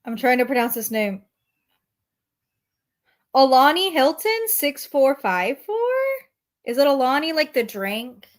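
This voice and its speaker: High-voiced sarcastic woman streamer. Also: lively intonation, a little slow, long pauses. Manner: profane, sarcastic, reacts to chat. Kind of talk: casual commentary.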